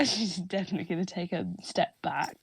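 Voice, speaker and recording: A woman playing a tabletop game, answering with blunt, deadpan rebuffs. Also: on the low side, brisk, gravelly, breathy edge, no echo. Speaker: player. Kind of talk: casual tabletop play.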